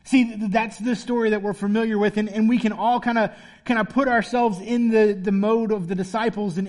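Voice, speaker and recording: A man's voice: high voice, darkish tone. A man as a pastor preaching a sermon in a casual, playful storytelling way.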